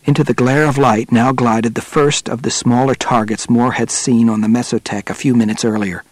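A man narrating a nonfiction adventure audiobook in a steady, measured storytelling manner. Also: medium pitch, no room sound.

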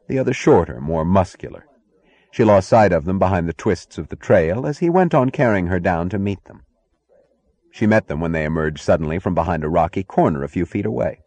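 A man narrates an audiobook in a deep, low-pitched voice. His reading is measured and expressive, and the recording is dry and close with no room sound. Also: no echo. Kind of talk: scripted narration.

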